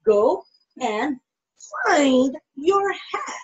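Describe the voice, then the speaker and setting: A woman preschool teacher talking in a bright, exaggerated sing-song way to young children. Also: high voice, sing-song, slow pace, muffled recording. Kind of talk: playful lesson for young children.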